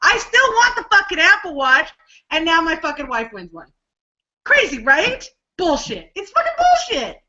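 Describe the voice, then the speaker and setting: A woman co-hosting a casual live video chat, telling stories with lots of swearing and excited outbursts. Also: very high-pitched, moderate pace, dull audio. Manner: animated, swears a lot, excitable storyteller. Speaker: co-host.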